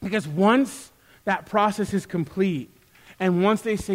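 A man with a high, light voice preaches a sermon to his church. He speaks in an animated way, acting out little back-and-forth exchanges and getting louder as he does. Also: unhurried. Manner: animated, acts out quoted exchanges with rising loudness. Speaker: pastor; youth worker.

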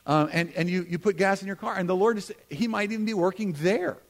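Conversational preaching man, raised pitch. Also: steady tone, fast talker. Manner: conversational, self-deprecating asides, swings from emphatic to hushed. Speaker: pastor. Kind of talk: sermon.

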